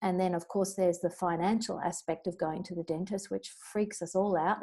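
This is a middle-aged woman leading a healing class, with a mellow, warm tone. She talks in an earnest, chatty way and shares personal stories. Every so often she rattles off a long recited clearing formula at speed. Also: on the low side, steady tone, normal speed. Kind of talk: spoken teaching talk with clearing statements.

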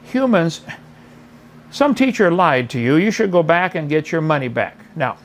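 A middle-aged man lectures his debate opponent in a mocking tone, circling back to the same points. His voice sits fairly high with a gravelly edge. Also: lively intonation, normal speed.

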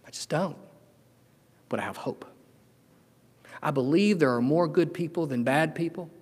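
A middle-aged man preaching a sermon as pastor, earnest and emotional, swinging from loud declarations to hushed, tender moments. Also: a little high. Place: church sanctuary. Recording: long hall reverb.

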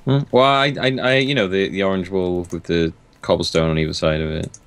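A man's voice: low voice, fairly even intonation, brisk, clean tone, dry recording. A young man co-hosting a casual gaming chat, teasing and joking, often laughing. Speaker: co-host of a gaming series.

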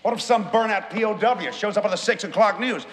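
A ruthless, blustering government bureaucrat. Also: male voice, high voice, a little fast, fairly bright tone. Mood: blustering threat. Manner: condescending, blustering, threatening. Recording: reverberant film audio.

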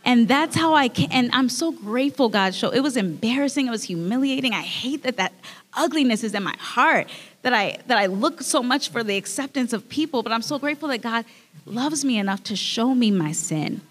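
A woman with a fairly high voice gives a heartfelt church testimony, earnest and emotional, tripping over her words as she goes. Her voice rings out with a long reverb, as though in a large church hall. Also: expressive, a little fast. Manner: earnest and emotional, with frequent restarts and laughs. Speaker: speaker sharing a communion message. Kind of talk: personal testimony at a church service.

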